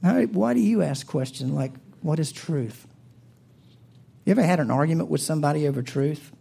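Earnest male preacher, soft and husky. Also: a little high, fast talker. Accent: American. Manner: earnest, rhetorical questions, swells loud then drops soft. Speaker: pastor. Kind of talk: sermon.

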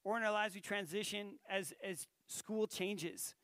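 High-voiced man preaching. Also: unhurried, a bit bright, no room sound. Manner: conversational, storytelling, asks the audience questions. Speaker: pastor. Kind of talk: sermon.

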